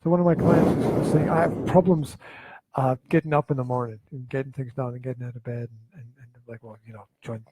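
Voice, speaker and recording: A man hosting a casual podcast from his flat, joking, teasing and laughing often. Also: mid-range voice, fast, slight background noise, low-quality recording. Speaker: podcast host. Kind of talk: casual chat. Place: home flat.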